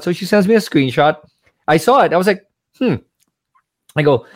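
A man's voice: high voice, big pitch swings, normal speed, long pauses, no room sound, studio quality. A man as a guest in a casual chat, speaking with confidence and emphasis and acting out conversations as he tells a story. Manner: confident, emphatic, acts out dialogue. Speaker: guest, crypto investor.

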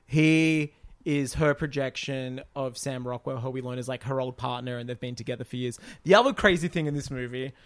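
A man co-hosting a podcast, in casual chat, retelling a film in an animated, exasperated way with rambling asides. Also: mid-range voice, fairly quick. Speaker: podcast co-host.

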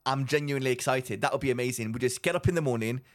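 A man co-hosting a podcast in casual, excitable, rambling chat. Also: medium pitch, racing. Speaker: podcast co-host.

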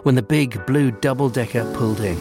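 A man's voice: mid-range voice, fairly quick, music in the background. Man narrating a storybook.

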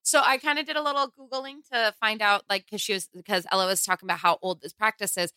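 A woman's voice: medium pitch, steady tone, quick pace, bright, forceful tone, clean tone, dry recording. A woman co-hosting a podcast who talks in a playful, joking way. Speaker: co-host. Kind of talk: casual podcast chat.

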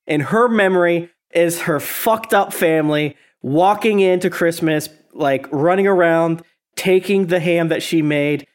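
Animated, higher-voiced man ranting. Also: a little slow. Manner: animated, swearing, acts out quoted voices. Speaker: podcast co-host. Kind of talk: casual review chat.

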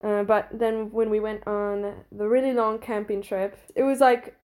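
A woman's voice: medium pitch, flat delivery, moderate pace, a little mellow. A young woman in college telling a story in casual chat, rambling and giggly with lots of fillers. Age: young adult.

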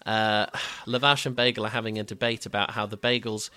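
A man's voice: on the low side, level tone, fairly quick, sharp tone. A man co-hosting a casual film review podcast, rambling and laughing as he recaps scenes. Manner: laughing, rambling, self-correcting. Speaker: podcast co-host.

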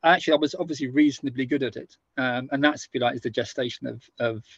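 A man's voice: mid-range voice, fast talker, creaky, breathy edge, no room sound. A man speaking as a guest author in an interview, hesitant and full of restarts. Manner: hesitant, many restarts and fillers. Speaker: guest, author and former army officer. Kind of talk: conversational interview. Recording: dull, dry, lo-fi sound.

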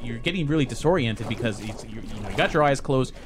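A man running a tabletop role-playing game as game master, narrating scenes in an animated way and laughing often. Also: medium pitch, fast, noisy background.

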